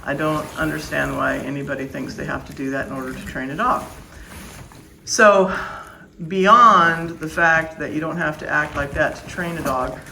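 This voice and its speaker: In a casual vlog on caring for new puppies, a dog breeder speaks with strict, plain-spoken emphasis. Her voice is lowish, creaky, pushed, and bright, with fairly even intonation and a moderate pace, over faint background noise in poor audio.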